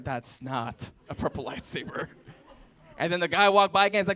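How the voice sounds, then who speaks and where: A man's voice: fairly high pitch, animated, quick pace, bright, forceful tone. A man in his twenties performing a college stand-up set, telling stories and acting out family members and strangers. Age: 20s. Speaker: stand-up comedian. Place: college stage before a laughing audience.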